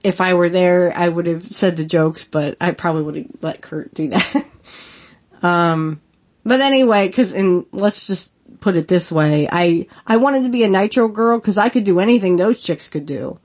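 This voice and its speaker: This podcast host, a woman in her thirties, speaks at normal speed in a lowish, darkish voice. Alone at the mic, she chats casually, giggling, rambling and using many filler words.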